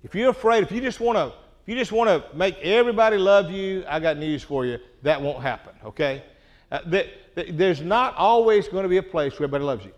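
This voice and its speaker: A man's voice: high voice, expressive, a little fast. Earnest man preaching a conversational sermon. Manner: earnest, conversational preaching with frequent "okay?" check-ins. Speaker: pastor.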